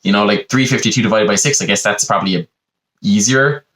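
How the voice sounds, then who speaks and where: A man's voice: on the low side, quick pace, a bit bright. A man with an Irish accent hosting a podcast, telling a digressive comic monologue full of "you know" asides. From Ireland. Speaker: podcast host.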